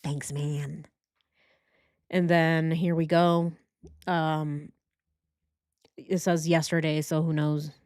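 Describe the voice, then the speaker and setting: A woman hosting a true crime channel, reading text messages aloud with indignant, sarcastic commentary into a boom-arm microphone. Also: monotone, takes it slowly, pauses often, a little mellow, clear, resonant tone, no echo, clean studio sound.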